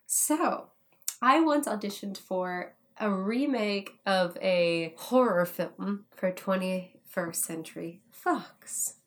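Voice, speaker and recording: A young woman telling a funny story in casual chat, animated, swearing, acting out the people she quotes. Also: medium pitch, slow pace. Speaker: podcast guest.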